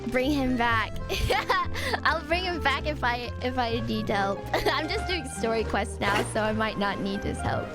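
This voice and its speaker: A woman streaming a game live, reacting excitably and breaking into shrieks and laughter. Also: on the high side, measured pace. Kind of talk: live gameplay stream commentary. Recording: game music playing behind. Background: game soundtrack.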